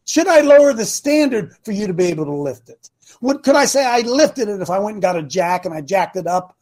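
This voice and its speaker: A man's voice: high voice, animated, brisk, a little mellow. A man in his sixties hosting a call-in talk show, folksy and preachy, acting out the voices he quotes. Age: 60s. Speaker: radio show host.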